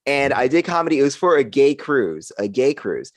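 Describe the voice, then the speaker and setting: A man's voice: medium pitch, moderate pace, no room sound. A young man performs stand-up comedy into a video-call mic, his voice leaping all over the place as he drives toward each punchline. He sounds close and dry, with no room around him. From United States. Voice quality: animated, punchy delivery with frequent laughs. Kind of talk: stand-up set on a live stream.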